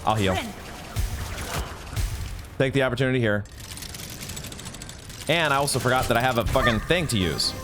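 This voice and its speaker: A young man giving emotional live commentary on a video game, exclaiming often and reading game text aloud slowly. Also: medium pitch. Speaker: let's play gamer. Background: game music.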